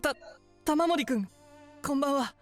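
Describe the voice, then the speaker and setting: Woman doing a jittery high-voiced young prof guy in a game, stammers, talks fast. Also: faint music behind, close to an everyday voice. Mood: timid eager. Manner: nervous, stammering, apologetic. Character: eager, flustered young male professor.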